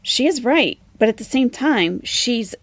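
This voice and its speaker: Blunt woman with a gravelly edge. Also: on the high side, animated, a little slow, no echo. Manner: blunt and emphatic, casual swearing. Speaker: commentary channel host. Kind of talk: reaction commentary.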